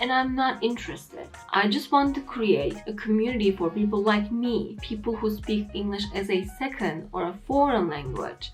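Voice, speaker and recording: A young adult woman with a Turkish accent, a native Turkish speaker, hosting an English-learning video in an earnest, opinionated way with lively emphasis. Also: fairly high pitch. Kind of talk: explanatory vlog talk to camera. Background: faint background music.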